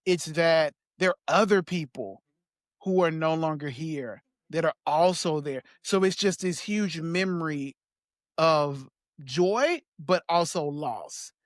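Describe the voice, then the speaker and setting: A man as a podcast guest, talking in a soft, halting way with small laughs as he reflects on personal memories. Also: on the high side, no echo, clean studio sound.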